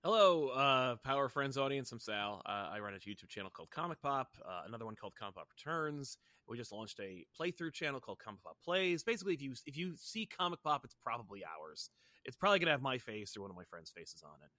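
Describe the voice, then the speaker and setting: A man in his thirties, a comics YouTuber appearing as a podcast guest, chats casually and rambles, full of fillers and restarts. His voice is medium in pitch with big swings, and he talks fast in a pushed, bright tone. There's no echo.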